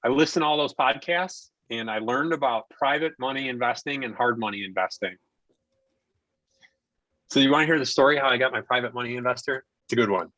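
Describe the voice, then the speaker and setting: A man's voice: medium pitch, brisk, no room sound, rough recording. A man in his forties spins a story for a podcast guest spot. He talks loosely and casually and throws himself into the voices of the people he quotes. His voice sounds dry and close, with no room around it. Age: 40s. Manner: animated storyteller who acts out quoted dialogue. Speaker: podcast guest, investor and contractor.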